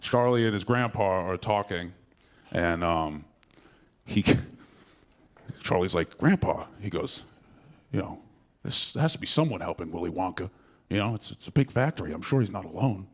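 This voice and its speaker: A young adult man with a deep, expressive voice at normal speed performs stand-up in a comedy club. His set rambles, swears freely, and is packed with fillers and self-mockery.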